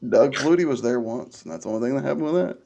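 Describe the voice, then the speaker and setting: A man's voice: mid-range voice, lively intonation, fast, creaky, mellow. A middle-aged man from the United States, co-hosting a casual chat and joking crudely with plenty of swearing. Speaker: co-host.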